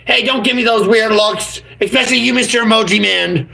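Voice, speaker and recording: A man's voice: sits high, normal speed, creaky, bright, forceful tone, poor audio. A man chatting as a YouTuber on a live stream, goofy and rambling, full of silly made-up words.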